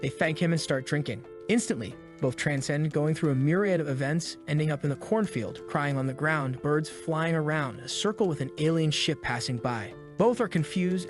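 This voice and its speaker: A man narrating a story recap in a brisk, casual storytelling manner. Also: on the high side. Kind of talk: scripted narration. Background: faint music.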